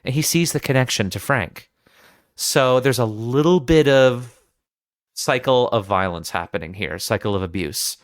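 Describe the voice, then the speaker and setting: A man hosting a film podcast, earnest and analytical, circling back and restarting his sentences as he works out a thought. His voice sits at a middle pitch and sounds dry and close, with no room around it. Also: normal speed, dry recording. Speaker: podcast host. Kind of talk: casual film discussion.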